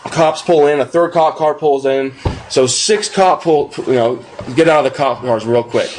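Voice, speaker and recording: A man's voice: on the high side, moderate pace, slight background noise. A young man, a podcast co-host, telling a long drunken-night story in casual, profane speech and acting out the quotes. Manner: profane, animated anecdote with acted-out quotes.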